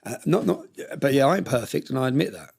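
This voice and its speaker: Gravelly fast-talking man. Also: mid-range voice, expressive, a little mellow. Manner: passionate, rambling with restarts. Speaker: interview guest. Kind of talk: emotional personal storytelling.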